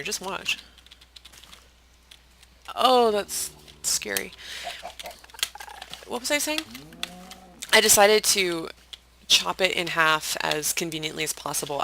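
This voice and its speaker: A young adult chatting casually while playing a game, rambling and self-deprecating, sometimes dropping into soft whispered asides. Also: medium pitch, vocal fry, slight background noise, poor audio. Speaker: Minecraft let's-play host. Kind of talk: casual gameplay commentary.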